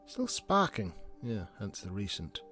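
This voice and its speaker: Male gameplay host: chatty, wry, animated delivery over soft game music. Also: on the low side, unhurried. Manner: chatty, sarcastic, reads game text aloud. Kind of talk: casual gameplay commentary.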